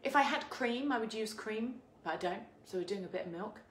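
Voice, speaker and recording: Her voice is medium-pitched, animated and fairly bright, moving a little fast. An English woman, she hosts a live cooking stream from her home kitchen, laughing and chatting casually while greeting viewers by name. The space is echoey, with faint background noise.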